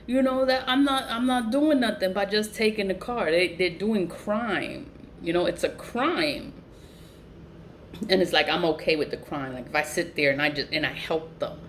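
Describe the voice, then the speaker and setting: A woman telling a story in a casual, profane rant, laughing often and swinging her voice up high for emphasis. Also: normal speed, slight background noise. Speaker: vlogger who sells spiritual goods online.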